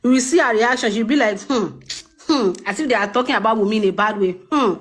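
Indignant Nigerian woman, fast talker, on the high side. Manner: indignant, mixes Pidgin and Yoruba. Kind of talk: casual call-in rant.

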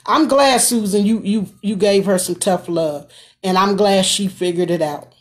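A woman's voice: medium pitch, normal speed. A woman hosting a casual live stream from her phone, reading out viewer comments and answering them in a folksy, chatty way. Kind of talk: casual chat.

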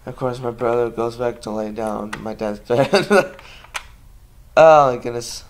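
A man's voice: mid-range voice, unhurried. A man chatting casually to his viewers in a home vlog, rambling and sleepy, with lots of ums and restarts. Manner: sleepy, yawning. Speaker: vlogger.

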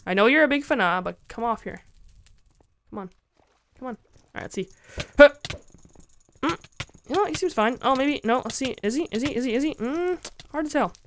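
A woman's voice: sits high, lively intonation, normal speed, pauses often, slight background noise. A woman giving casual, giggly commentary while playing a game and talking to her chat, squealing when she is attacked. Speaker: Minecraft let's-play gamer.

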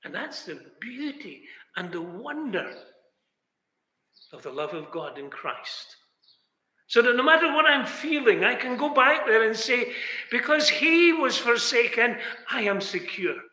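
Bright-voiced man preaching in an echoing chapel. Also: extremely high pitch, animated, a little slow. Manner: emphatic, with rhetorical questions and direct address to listeners. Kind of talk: sermon. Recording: echoey chapel with long reverb.

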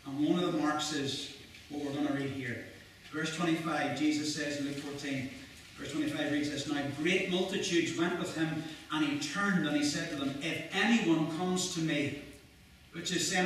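A man's voice: on the high side, a bit bright, a little hiss or hum. A man preaching an earnest, fervent sermon in a mission hall. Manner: earnest, rising to fervent, with quotes read slowly. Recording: very echoey hall, mic far off.

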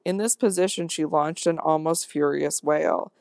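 An audiobook narrator reading a classic novel aloud in a measured, intense first-person manner. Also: mid-range voice, steady tone, vocal fry, a little mellow, no room sound, clean studio sound.

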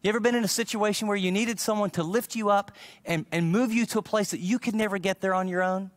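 A man's voice: high voice, fast, dry recording. Storytelling male pastor, dry close sound. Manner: animated storyteller acting out quoted dialogue. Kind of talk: sermon storytelling.

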